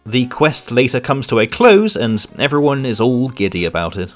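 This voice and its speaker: A man's voice: medium pitch, expressive, moderate pace, soft background music. A man delivering a scripted, sarcastic and exasperated review of a comic.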